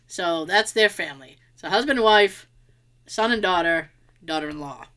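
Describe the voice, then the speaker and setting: A woman telling a story in casual chat, animated and laughing, acting out quotes and swearing freely. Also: fairly low pitch, moderate pace. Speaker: podcast co-host.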